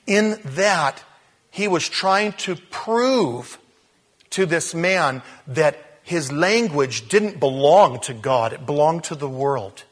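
A man's voice: on the high side, lively intonation, slow pace. A male pastor preaching a sermon in a church, telling the story with jokes and acting out the scenes. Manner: jokey, storytelling preacher who acts out scenes.

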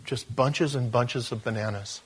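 A male pastor telling a story in a sermon, animated, with stumbles and restarts. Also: medium pitch, unhurried, breathy edge.

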